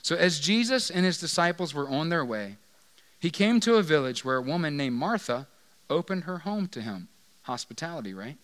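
A man's voice: on the high side, lively intonation, moderate pace, a bit bright. A male pastor preaching in a conversational, joking way, often asking the audience questions. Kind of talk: sermon.

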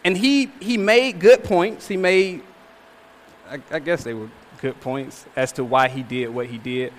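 A young man in his twenties delivers a sermon with a high, lifted voice, driving his points home with repetition and a recurring "all right?". His words ring out with a long reverb through a church sanctuary. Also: a little slow. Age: 20s. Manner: emphatic, repeats phrases with rhetorical "all right?". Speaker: preacher.

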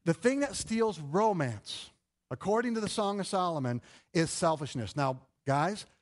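A middle-aged male pastor giving an animated, conversational sermon full of rhetorical questions. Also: high-pitched, moderate pace.

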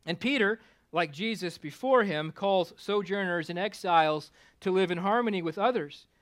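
A male pastor preaching a conversational sermon with self-deprecating humor, climbing louder for emphasis and dropping low for asides. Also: normal speed. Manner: rises in pitch and volume for emphasis, drops low for asides.

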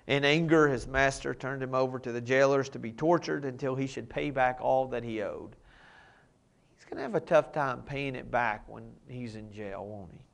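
A man's voice: medium pitch, normal speed, creaky. Man, pastor, casual preaching, explains scripture. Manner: conversational, explains as he reads scripture. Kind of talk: sermon.

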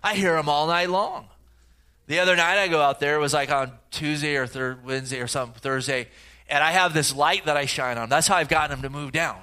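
A man's voice: fairly high pitch, fast talker, bright, forceful tone, clear, resonant tone. A middle-aged man giving a sermon as a pastor, in a conversational, storytelling way with frequent fillers.

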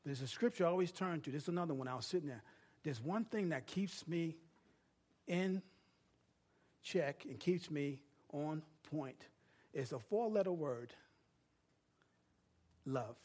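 A man preaching a sermon, rising from quiet talk to shouting and asking the congregation to call back answers. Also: a little high, lively intonation, unhurried, pauses often. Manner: builds from quiet to shouting, call-and-response questions. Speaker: pastor.

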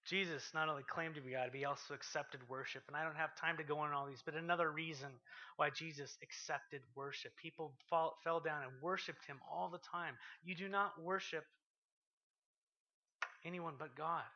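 A man preaching a sermon, reading scripture aloud with rising intensity and dropping to quiet asides. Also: on the high side, steady tone, moderate pace. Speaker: pastor. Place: church. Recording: lo-fi sermon podcast recording.

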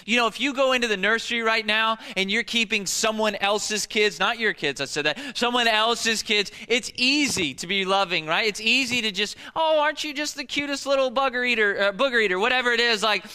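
A man's voice: high-pitched, bright, forceful tone, clear, resonant tone, in a large hall. A young man preaching a sermon as a pastor, speaking conversationally and emphatically, often restarting his sentences.

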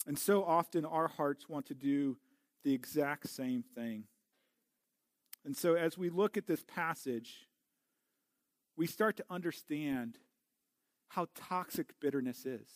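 A man's voice: a little high, dry recording, clean studio sound. A middle-aged man preaching a sermon as a pastor, earnest and often restarting his words. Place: church.

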